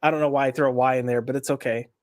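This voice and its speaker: A man's voice: medium pitch, steady tone, very fast, no room sound, studio quality. A man hosting a casual podcast, joking around and greeting chat viewers by name. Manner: joking, reads chat names aloud. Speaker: podcast host.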